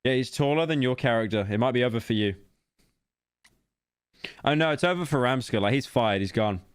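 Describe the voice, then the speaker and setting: A man's voice: medium pitch, expressive, fairly quick, clear, resonant tone, no echo, clean studio sound. A man streaming a game, making joking, sarcastic asides in casual commentary.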